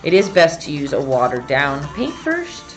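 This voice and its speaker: With a low voice full of huge pitch swings, a woman at normal speed hosts an informal painting livestream over faint music. She's conversational, reads viewer comments out loud, and breaks off mid-sentence.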